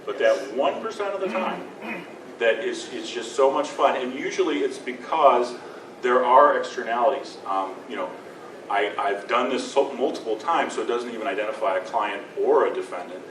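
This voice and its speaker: A man's voice: medium pitch, expressive, moderate pace, a bit bright. A man, a lawyer, telling stories to a convention audience with laughs and mimicked quotes. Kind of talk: animated storytelling to an audience. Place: convention panel room. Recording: echoey room from far off with noise.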